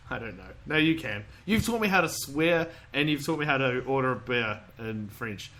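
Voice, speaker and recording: Bright-voiced rambling male podcast host. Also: mid-range voice, expressive, moderate pace. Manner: rambling, chatty, swears casually, laughs often. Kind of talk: casual chat.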